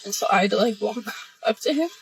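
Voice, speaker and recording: A woman in a tearful, halting, emotional confessional vlog. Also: mid-range voice, animated, a little hiss or hum, rough recording. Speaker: social media poster.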